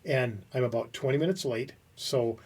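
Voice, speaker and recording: Animated storytelling man in his fifties. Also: medium pitch, moderate pace, breathy edge, distant mic. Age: 50s. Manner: animated anecdote teller with many restarts. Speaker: podcast host. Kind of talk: casual conversational storytelling.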